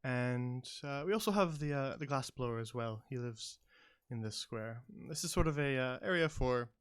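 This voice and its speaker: A man voicing a courteous college staff guide who explains campus rules with many pauses. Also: medium pitch, animated, smooth, lightly acted. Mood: explaining.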